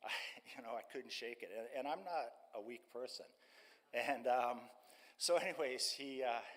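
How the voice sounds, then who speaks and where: An older man stands before a church congregation and shares his testimony, pausing often and filling the gaps with ums and uhs. His voice sits at an ordinary middle pitch and carries a long reverb through the sanctuary. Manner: halting storytelling with many fillers. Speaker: street ministry staff member. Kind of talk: personal testimony at church service.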